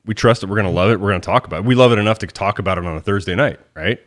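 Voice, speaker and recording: A man's voice: fairly low pitch, rapid-fire, a bit bright. A man co-hosting a podcast, talking in a casual, rambling and enthusiastic way. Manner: rambling, enthusiastic fan talk. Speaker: podcast co-host. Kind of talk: casual chat.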